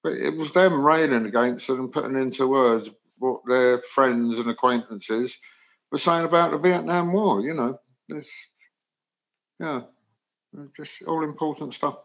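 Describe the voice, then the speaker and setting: A man from England, a guest musician in his sixties, telling animated anecdotes in an interview. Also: medium pitch, a little slow, low-quality recording. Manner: animated anecdotes, acts out dialogue. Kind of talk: storytelling interview.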